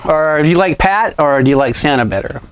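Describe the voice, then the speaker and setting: A man's voice: on the high side, animated, a little fast, clean tone. Chatty man with a New England accent. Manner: laughs often, chatty. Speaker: host, photographer. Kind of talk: casual chat.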